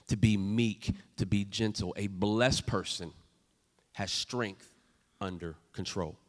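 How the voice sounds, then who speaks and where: A man preaching a sermon as pastor, swinging from loud emphatic lines to soft, hushed storytelling. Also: mid-range voice, in a large hall. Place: church sanctuary.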